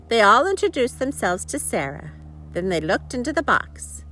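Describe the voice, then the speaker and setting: A woman reading a children's story aloud, expressive, with chuckling asides to her listeners. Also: on the high side, normal speed. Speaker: storybook reader.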